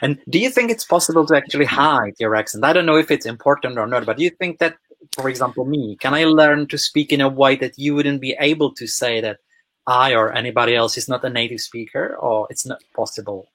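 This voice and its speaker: Man, Czech accent, husky voice, polite interviewer, dry sound. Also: mid-range voice, a little fast, fairly bright tone, dry recording. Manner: polite, encouraging. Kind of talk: interview questions.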